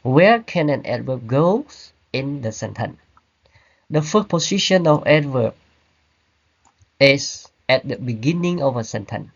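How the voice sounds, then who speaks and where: A man teaching an online grammar class, explaining slowly and checking in with "right?" and "okay?". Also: mid-range voice, animated, highs cut off. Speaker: English teacher. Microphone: computer mic on a video call.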